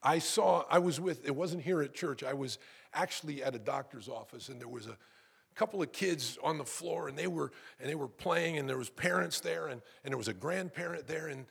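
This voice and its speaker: A middle-aged pastor preaches a sermon in church, calling out to the congregation in call-and-response style and building to emphatic peaks. His voice is on the high side and brisk, with a creaky, breathy edge.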